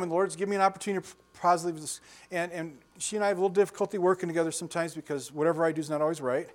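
A man's voice: on the high side, steady tone, very fast. Folksy chuckling older male preacher. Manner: folksy storytelling, chuckles often, asks listeners questions. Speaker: pastor. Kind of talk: conversational sermon.

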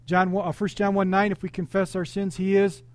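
High-voiced man preaching to a congregation. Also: fairly quick. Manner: animated, interactive preaching with congregation call-outs. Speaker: pastor. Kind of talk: sermon.

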